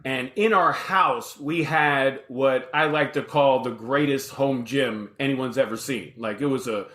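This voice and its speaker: A man in his fifties, a podcast guest telling his story in a casual, animated way and acting out the dialogue. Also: mid-range voice, unhurried. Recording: roomy echoey room.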